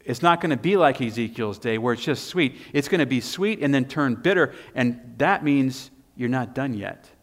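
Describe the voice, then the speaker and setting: A man preaching a sermon and reading scripture aloud, animated and emphatic, pointing to a handout. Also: medium pitch, normal speed, hardly any pauses. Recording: long hall reverb.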